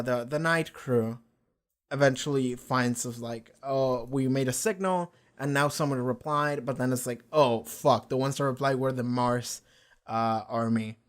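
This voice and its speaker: Young man rambling about a show. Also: mid-range voice. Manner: loose and rambling, swears a lot, many fillers. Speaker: reaction video host. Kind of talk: casual episode discussion.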